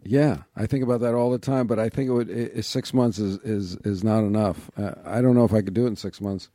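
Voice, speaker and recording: Low, mellow-voiced man musing wryly. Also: steady tone, fast talker, no echo, clean studio sound. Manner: reflective, self-deprecating, wry. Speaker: podcast guest. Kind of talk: casual interview chat.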